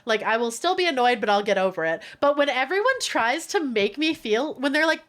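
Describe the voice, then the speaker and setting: A woman's voice: high voice, very animated, a little fast, hardly any pauses, fairly bright tone. A woman streamer telling a story in a casual, exasperated, profane way.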